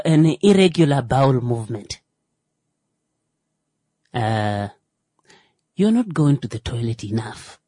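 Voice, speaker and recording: A woman's voice: deep voice, warm tone, slightly rough, dry recording. A woman talking in a rambling, casual monologue, full of fillers, who acts out little quoted exchanges.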